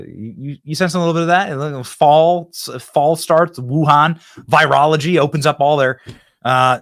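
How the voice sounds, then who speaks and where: A man hosting a live political show, joking with his crew and interviewing a guest in a lively, teasing way. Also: fairly high pitch, no room sound, studio quality. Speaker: host.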